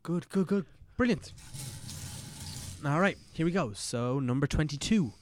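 A man's voice: on the high side, expressive, a little slow, a little hiss or hum. A man hosting a casual interview, upbeat and encouraging as he reads out numbered questions. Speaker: host.

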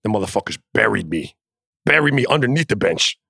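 A man telling a locker-room story in a casual podcast chat, animated and profane, acting out the quotes. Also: on the low side, brisk, creaky, slightly rough, dry recording, studio quality. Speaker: podcast co-host, former NBA player.

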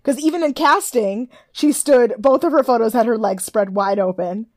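A woman's voice: a little high, moderate pace, dry recording. A woman co-hosting a casual recap chat, talking loosely with lots of fillers and acting out quotes. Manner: chatty, lots of "like", acts out quotes. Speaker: podcast co-host.

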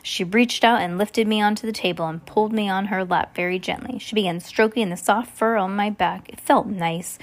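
A woman's voice: mid-range voice, fairly even intonation, moderate pace, hardly any pauses. A woman reading a children's book aloud casually, often restarting and correcting herself. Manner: reads with frequent restarts and corrections. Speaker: reader.

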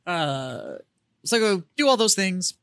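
A man's voice: sits high, big pitch swings, slow, a bit bright, clean tone. A man co-hosting a podcast who trades crude jokes in casual chat. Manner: crude, joking. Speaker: podcast co-host.

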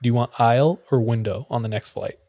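A man's voice: mid-range voice, a little fast, no room sound. A young man co-hosting a podcast, telling a story in casual chat and acting out the voices of people in it. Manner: animated, acts out quotes with sound effects and laughs. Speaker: podcast co-host.

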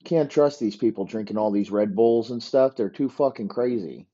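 A man's voice: fairly low pitch, normal speed, dark tone, highs cut off. A man hosting a podcast, ranting profanely in a rambling comic monologue. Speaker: podcast host. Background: dogs barking.

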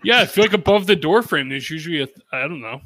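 Bright-voiced man recapping a cartoon episode. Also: a little high, quick pace, no echo, poor audio. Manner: animated storytelling with quoted character lines and profanity. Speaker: podcast co-host. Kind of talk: casual podcast chat and episode recap.

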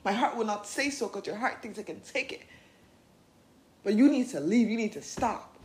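A woman's voice: medium pitch, lively intonation, normal speed, natural voice. A woman voicing her inner teen, a fiercely protective part of herself who firmly demands to be treated better. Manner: loud, firm, commanding.

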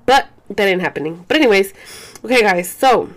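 A woman's voice: mid-range voice, expressive, a little fast. Chatty, profane young woman vlogger. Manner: profane, rambling, code-switches into Spanish; frequent fillers and restarts. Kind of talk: casual chat to camera.

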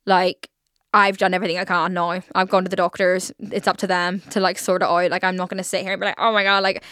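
A woman's voice: fairly low pitch, little pitch movement, quick pace, fairly bright tone, no room sound, studio quality. A young woman, hosting a casual podcast monologue, chatty, swearing and saying "like" constantly. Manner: chatty, swears, heavy filler "like". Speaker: podcast host.

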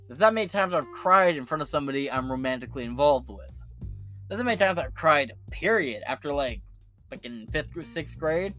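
Ranting on his casual political commentary show, a man speaks in an animated, profane way, often restarting his sentences. His voice is a little high.

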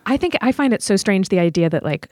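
A woman's voice: mid-range voice, animated, fast talker, a little mellow, no echo, studio quality. A young adult woman in casual chat, telling a rambling story full of fillers. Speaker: podcast co-host.

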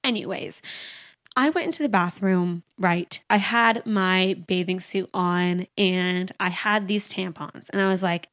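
A woman's voice: mid-range voice, unhurried, a bit bright. A young adult woman hosting a podcast, telling a personal story in a candid, chatty way, full of "like" and blunt asides. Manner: candid and chatty, heavy use of "like"; blunt, frank about awkward topics. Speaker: podcast host. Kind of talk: casual storytelling monologue.

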